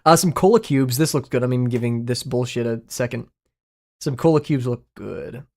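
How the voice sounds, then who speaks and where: A streamer chatting casually and excitedly with viewers, laughing often and swearing freely while reacting to chat. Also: medium pitch, normal speed.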